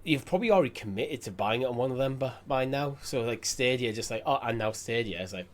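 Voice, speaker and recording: A man co-hosts a casual gaming podcast in a middle-pitched voice. He rambles a little and repeats words while working out his point. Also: animated, fast talker. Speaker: podcast co-host. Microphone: remote call mic.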